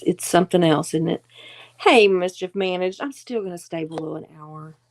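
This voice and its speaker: A woman's voice: on the low side, a little mellow. A middle-aged woman hosting a casual livestream, chatting in a rambling way, reading viewer comments aloud and laughing often. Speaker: livestream host.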